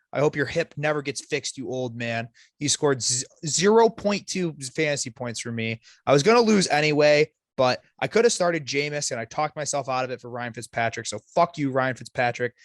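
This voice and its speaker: A man's voice: medium pitch, fairly bright tone, dry recording, clean studio sound. A man co-hosting a podcast, griping about sports in a profane, mock-vengeful way. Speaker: podcast co-host. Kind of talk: casual sports chat.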